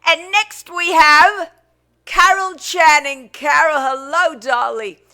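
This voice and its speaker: A woman's voice: high voice, slow pace, sharp tone, full character voice. A woman impersonating a brash, gossipy older female talk-show host who fires off teasing insult jokes. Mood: brassy. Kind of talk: stage impression comedy.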